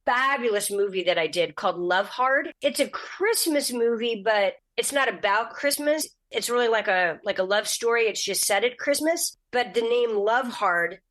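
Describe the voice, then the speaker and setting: A middle-aged woman, a guest actress, telling stories in a casual podcast chat, animated and jumping into high voices for quotes. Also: moderate pace, hardly any pauses.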